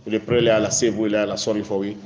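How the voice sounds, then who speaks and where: A man with a Nigerian Pidgin accent preaching a sermon. He recites verses slowly, then explains them in a rising, emphatic voice and drops to quiet asides. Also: fairly low pitch, little pitch movement, highs cut off. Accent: Nigerian Pidgin English. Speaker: Islamic preacher. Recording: roomy echo.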